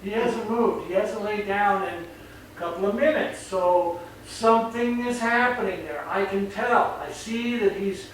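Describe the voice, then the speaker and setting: A man's voice: high voice, unhurried. A man working as a dog trainer, explaining in a chatty, rambling way and acting out voices. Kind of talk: casual explanation on camera. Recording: very echoey, distant mic, faint noise.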